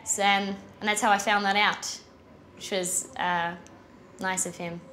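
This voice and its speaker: A woman's voice: mid-range voice, little pitch movement, a little slow, bright, forceful tone, a little hiss or hum. A nineteen-year-old Australian woman speaking dryly to camera about her stand-up. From Australia (Adelaide). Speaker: comedian.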